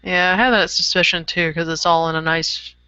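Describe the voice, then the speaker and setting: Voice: mid-range voice, steady tone, a little fast, sharp tone, clear, resonant tone, no echo. A co-host in a casual chat about painted miniatures, talking hesitantly with many fillers. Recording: dry lo-fi sound.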